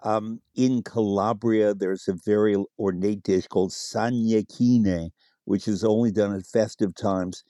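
A man's voice: fairly low pitch, steady tone, a little slow, mellow, no echo, studio quality. A man being interviewed on the radio as an expert on Italian food, explaining dishes with enthusiasm and spelling out words.

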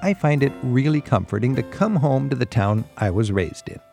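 A man hosting a radio travel show, asking questions in a relaxed, conversational way. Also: mid-range voice, moderate pace, creaky, faint music behind. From United States. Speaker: host.

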